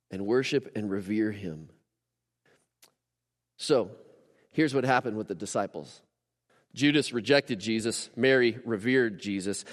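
A man preaching in a relaxed, chatty style, tossing in asides as he teaches. His voice sits at a middle pitch. A long reverb trails behind him, as in a large hall. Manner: animated, casual preaching with asides. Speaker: pastor. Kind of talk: conversational sermon.

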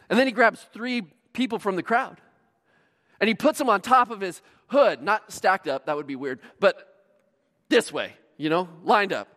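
In a large church auditorium, a high-pitched male pastor preaches at a normal speed. He tells stories with animation, dropping to near whispers and climbing to shouts. The hall adds a long, lingering reverb to his voice.

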